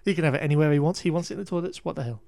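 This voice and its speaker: A man talking through a film plot in casual podcast chat. He rambles, restarts his sentences and laughs a lot. His voice sits a bit high, and the sound is dry and close with no room echo. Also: very fast, gravelly, dark tone. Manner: rambling, self-correcting, laughs often. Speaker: podcast co-host recapping a film.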